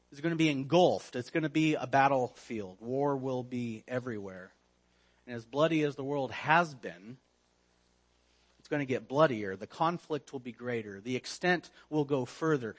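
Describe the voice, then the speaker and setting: A man preaching a sermon with emphatic repetition, letting phrase endings fall low and quiet. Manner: emphatic, repeats words, drops low on phrase ends.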